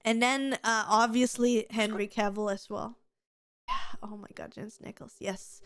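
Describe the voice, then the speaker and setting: A woman's voice: mid-range voice, fairly even intonation, a little slow, fairly bright tone, no echo. A woman in her thirties co-hosting a podcast, chatting casually in a gushing, giggly way and swearing freely. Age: 30s. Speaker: podcast co-host. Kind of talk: casual chat.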